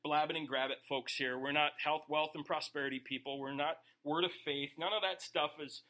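A man preaching a sermon, animated, with many rhetorical questions and quick acted-out asides. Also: fairly high pitch. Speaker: pastor.

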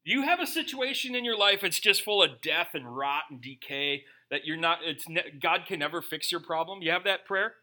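Bright, lively-voiced preaching man. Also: on the high side, moderate pace, hardly any pauses. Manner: humorous, animated preaching with rhetorical questions. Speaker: pastor. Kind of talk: sermon.

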